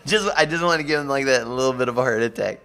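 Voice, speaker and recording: A man's voice: medium pitch, big pitch swings, brisk, pushed and bright, faint music behind. A man streaming live, chatting casually and rambling through a story while acting out the voices of the people in it. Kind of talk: casual chat on a livestream.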